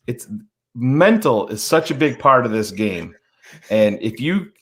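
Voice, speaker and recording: Young adult man, casual sports podcast co-host, mid-range pitch, blunt and swears a lot. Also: a bit bright. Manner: blunt, swears freely, acts out quoted people.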